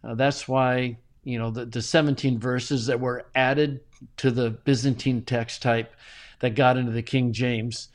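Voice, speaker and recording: A middle-aged man talking as a guest in a casual interview, animated and often chuckling, with frequent restarts. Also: mid-range voice, measured pace. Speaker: Bible translator guest.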